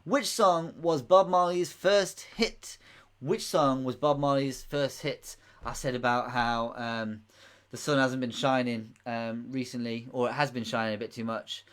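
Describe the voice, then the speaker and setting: A jokey quiz host in his late twenties reads out answers and wanders off into giggly tangents. His voice sits at an ordinary middle pitch. He talks right up against his microphone. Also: steady tone, a little slow, fairly bright tone, clean tone. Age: late 20s. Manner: jokey, giggly, rambling asides. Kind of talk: live-streamed quiz answers. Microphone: microphone close to the mouth.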